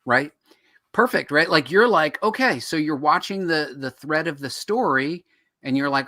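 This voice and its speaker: A man's voice: on the high side, normal speed, no room sound. A man co-hosting a show on writing comics, explaining in casual chat and acting out quoted reactions. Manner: animated, acts out quoted reactions.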